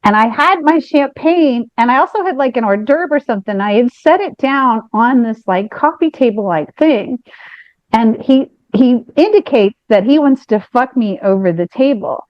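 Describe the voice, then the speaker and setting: A woman co-hosting a podcast, telling a frank story in an animated, rambling way with many restarts. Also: on the high side, moderate pace, dry recording, lo-fi sound. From United States. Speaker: podcast co-host. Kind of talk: candid storytelling chat.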